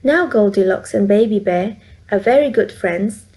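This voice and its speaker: A woman with a Vietnamese accent reading a children's story aloud in slow, clear, simple sentences. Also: mid-range voice, dark tone.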